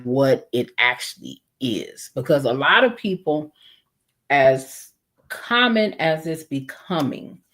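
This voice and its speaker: A man co-hosting a podcast in casual chat, explaining things in a measured way with frequent fillers. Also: on the high side, big pitch swings, pushed and bright. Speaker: podcast co-host.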